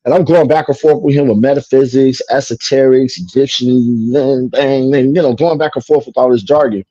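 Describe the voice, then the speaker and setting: A man from Chicago tells a personal story easily and casually, acting out what people said and filling gaps with "you know." His warm, mellow voice is medium-pitched and steady, a little fast, in a dry, slightly muffled recording with no echo.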